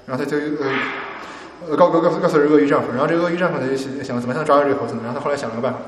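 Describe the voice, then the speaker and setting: A man's voice: on the high side, very fast. A man casually retelling a story, often stammering and repeating words as he searches for the next phrase. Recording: distant echoey room with faint ambience.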